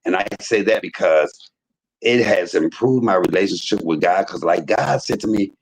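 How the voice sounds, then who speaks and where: A man with a low, husky voice tells stories in casual livestream chat. He gets animated and quotes people with sudden high jumps in his voice. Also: normal speed, rough recording. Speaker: livestream host.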